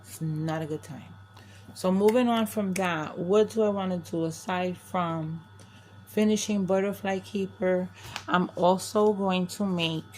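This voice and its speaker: A woman's voice: lowish voice, a little mellow, a little hiss or hum. An older woman from New York, a crafting vlogger chatting candidly to camera, rambling and often restarting her sentences. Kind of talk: casual chat to camera.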